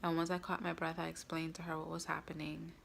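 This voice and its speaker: A woman's voice: deep voice, completely flat delivery, fast, creaky, a little hiss or hum. A woman vlogger earnestly recounting a personal story to camera, with frequent fillers.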